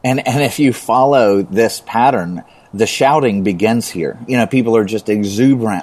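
A low-voiced man teaching about the Bible in a relaxed conversation. He builds momentum as he talks, repeating words for emphasis. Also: normal speed, hardly any pauses.

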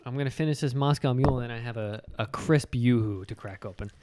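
A man's voice: medium pitch, fast, a little mellow. A man with a New York accent, co-hosting a podcast in casual chat and laughing often. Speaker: podcast co-host.

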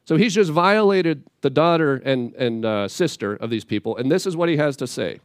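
A man's voice: medium pitch, moderate pace, hardly any pauses, no room sound. Casual, plainspoken male preacher, dry sound. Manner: casual, plainspoken, animated asides. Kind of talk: conversational Bible teaching.

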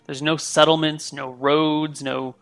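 A man running a tabletop game as game master, chatty and relaxed. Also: fairly high pitch, takes it slowly.

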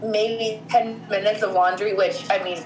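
A woman's voice: medium pitch, steady tone, measured pace, echoey room, a little hiss or hum, low-quality recording. A woman co-hosting a casual podcast chat, blunt and swearing freely. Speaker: co-host.

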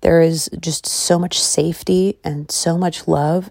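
Loud, excitable low-voiced woman in her thirties. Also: slow pace, creaky, no room sound, studio quality. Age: 30s. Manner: loud, excitable and candid, swears freely. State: tired and calorie deprived. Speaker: podcast host. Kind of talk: casual personal chat. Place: car or bed at home.

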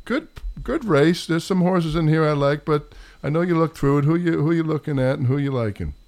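A man's voice: a little high, brisk, darkish tone. A man with a New York accent hosting a casual sports chat, rambling and poking fun at himself. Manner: rambling, self-mocking. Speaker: podcast host.

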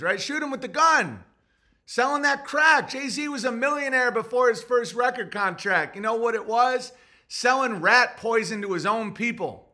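A man with a high, bright voice rants through a podcast commentary. He swears freely, trips over restarts and keeps pushing his point with agitated energy. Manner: profane, agitated ranting with restarts and mock voices. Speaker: podcast host. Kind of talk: rambling commentary monologue.

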